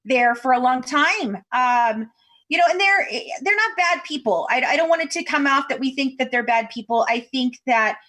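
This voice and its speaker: Woman, fairly high voice, chatty storyteller, podcast guest on a video call. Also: lively intonation, normal speed, pushed and bright. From Kentucky. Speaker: true crime podcast co-host. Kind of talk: casual interview chat.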